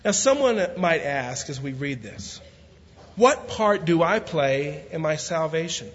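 A man preaches a sermon in a large church, his voice sitting a bit high for a man. His reading of scripture is steady, and it gives way to easy jokes and fervent preaching, with a bit of a country way of talking. A long hall reverb trails each phrase, and the recording sounds slightly dull. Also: unhurried. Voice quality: self-described country way of talking. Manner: reads scripture steadily, then jokes and preaches with rising fervor. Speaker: guest pastor.

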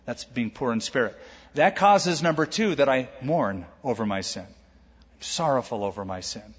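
A man pastor preaching a sermon, lively, acting out quoted voices with humor. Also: medium pitch, normal speed, breathy edge. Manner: animated, acts out quoted voices with jokes. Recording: echoey hall, dull lo-fi sound.

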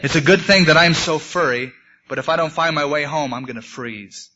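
A man's voice: fairly high pitch, fairly quick, pushed and bright. Guy putting on a sad little boy bunny, teary and pleading, muffled lo-fi sound. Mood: kindly. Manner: tearful, pleading. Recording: muffled lo-fi recording.

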